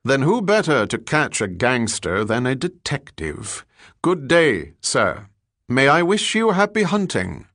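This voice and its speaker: A man voicing a suave, superior English spy who speaks in a clipped, measured way. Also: mid-range voice, big pitch swings, fairly bright tone, no echo, clean studio sound, voice pushed up. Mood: lofty.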